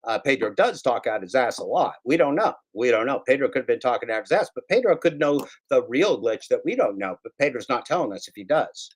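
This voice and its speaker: A man's voice: mid-range voice, sing-song, a little fast, few pauses, slightly rough. A man hosting a casual livestream, ranting sarcastically with plenty of swearing and repeating his own lines for effect. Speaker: livestream host.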